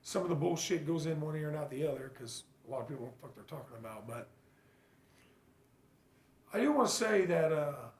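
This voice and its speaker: A man's voice: a little high, animated, roomy sound. A father talking earnestly and bluntly about his struggles, swearing freely and stopping often to restart his thoughts. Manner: halting, full of fillers and restarts. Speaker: father sharing his recovery story. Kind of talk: casual personal vlog monologue.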